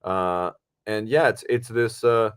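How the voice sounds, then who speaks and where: A man with a fairly low voice talks through a movie in relaxed, rambling podcast chat. He circles his points with lots of fillers and restarts, easygoing and unhurried. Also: clean tone. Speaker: podcast co-host and actor. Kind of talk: casual film podcast chat.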